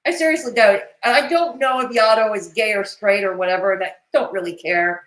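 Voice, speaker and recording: A woman's voice: medium pitch, brisk, a bit bright, reverberant, poor audio. A woman commentating on a live stream, with sarcastic, mocking and cutting remarks.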